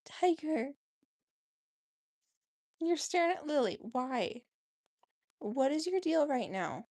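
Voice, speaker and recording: A woman's voice: sits high, very animated, takes it slowly, a little mellow, no echo. A woman vlogging at home, coaxing her cats onto the bed with giggly baby talk. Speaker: vlogger, cat owner. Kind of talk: casual chat with her pets.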